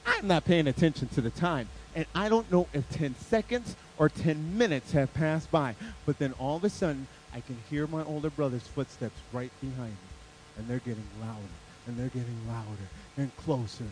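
A man's voice: medium pitch, moderate pace, darkish tone, slight background noise, low-quality recording. A man delivering a sermon as a guest speaker, telling a story animatedly and acting out characters.

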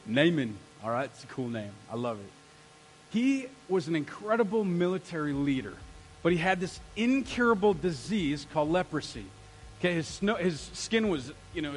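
A male pastor preaching an energetic sermon, throwing questions out to the congregation. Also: high voice, slight background noise, rough recording.

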